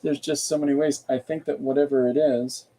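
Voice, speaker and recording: A man hosting an art podcast, thinking aloud in a relaxed, rambling way while he draws and reads viewer comments. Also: medium pitch, fairly quick, poor audio. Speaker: artist and podcast host. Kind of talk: casual livestream chat while drawing.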